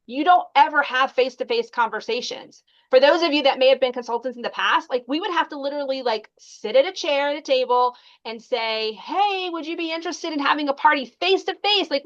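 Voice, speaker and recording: Woman, sales team lead, friendly coaching tone, slightly high voice, muffled call audio. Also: a bit bright. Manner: chatty and encouraging, many ums and likes. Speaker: sales team leader training consultants. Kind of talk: casual training call.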